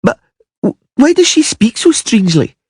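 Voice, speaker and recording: Storybook brat princess, high and shrill, whiny and sniffly, as a male reader puts her on. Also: sing-song, moderate pace, a little mellow, slightly rough, no echo, clean studio sound, exaggerated voice. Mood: sulky. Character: small, sulky, bossy young princess girl.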